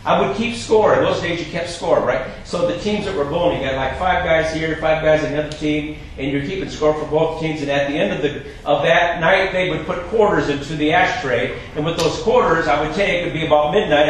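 A man with a fairly high voice preaches to a congregation, mixing comic storytelling with earnest exhortation. His voice rings through a very echoey hall with a faint hiss of noise behind it. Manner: storytelling, jokey, swinging between quiet asides and raised preaching. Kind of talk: sermon with humorous personal story. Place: church hall.

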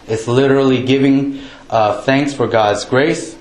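A man delivering a sermon in a chatty, joking way, his voice sitting in a middle pitch. He acts out people's prayers in a raised voice. The sound carries a roomy echo, as if from a church hall. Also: fairly even intonation, a little slow, darkish tone, slight background noise. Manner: conversational, jokey, quotes prayers in raised voice. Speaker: pastor.

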